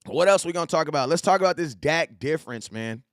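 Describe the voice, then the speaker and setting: A man in his forties hosting a casual live sports talk stream, animated and repetitive, full of slang, talking straight to his chat. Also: fairly high pitch, fast, no echo, studio quality. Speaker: live show host.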